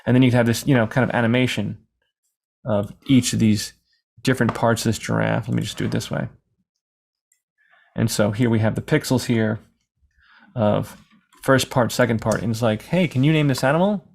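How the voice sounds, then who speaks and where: A man teaching a screen-recorded software lesson in a casual, rambling way, sometimes acting out questions from imagined viewers. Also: on the low side, level tone, moderate pace, gravelly, long pauses. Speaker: software tutorial instructor.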